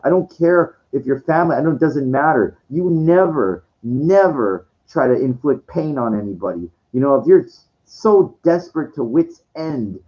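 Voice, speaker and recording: A man's voice: mid-range voice, expressive, moderate pace, hardly any pauses. A man vlogging in a rambling monologue, swearing often and restarting his sentences over and over with lots of fillers. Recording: dull lo-fi recording.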